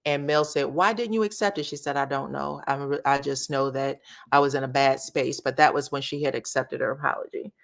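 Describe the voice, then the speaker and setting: A woman's voice: very deep voice, steady tone, a little fast, gravelly, few pauses. A woman hosting a casual reality-show commentary, chatting and reading viewer comments aloud. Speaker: commentary channel host.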